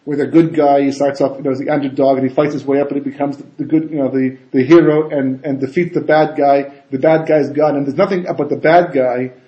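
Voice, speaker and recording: A man giving a casual Torah talk as a rabbi, animated and full of rhetorical questions and asides. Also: medium pitch, quick pace, few pauses, lo-fi sound. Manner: animated, rhetorical questions, frequent "you know" and "right?". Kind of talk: casual conversational Torah lecture. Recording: echoey room.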